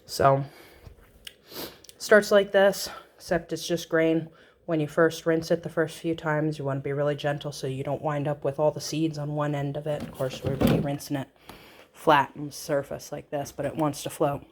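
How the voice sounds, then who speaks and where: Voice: medium pitch, little pitch movement, normal speed, no echo. A small-farm owner chatting casually through a how-to demonstration, explaining as they go with plenty of ums and uhs.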